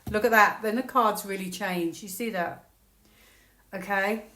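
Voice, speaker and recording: A woman from the United Kingdom giving a casual solo tarot reading, musing aloud and breaking into excited, laughing exclamations. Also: medium pitch, a little slow, roomy sound. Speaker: tarot reader.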